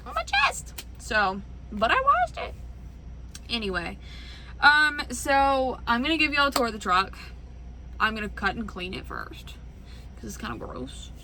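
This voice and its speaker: A woman truck driver vlogging in an animated, exasperated rant from inside her truck cab. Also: fairly high pitch, noisy background. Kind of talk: casual ranting vlog.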